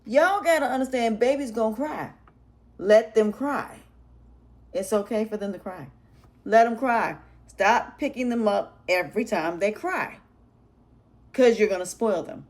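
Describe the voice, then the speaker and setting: A woman's voice: on the high side, measured pace, pauses often. A middle-aged woman, a parent and life coach, talking bluntly and emphatically straight to her viewers in casual advice talk.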